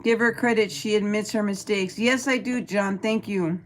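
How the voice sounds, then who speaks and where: A woman's voice: mid-range voice, fairly even intonation, normal speed, a little hiss or hum. A middle-aged woman from El Paso, Texas, hosting a casual live stream, reading chat aloud and answering bluntly with plenty of swearing. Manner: blunt, profane, talks back to chat. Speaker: livestream host reading chat.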